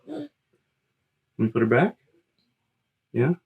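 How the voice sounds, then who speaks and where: A parent using gentle, coaxing baby talk to a small child, repeating words slowly and reassuring the child. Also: medium pitch, wildly swooping pitch, phone-quality sound, noisy background. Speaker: parent showing animals to a toddler.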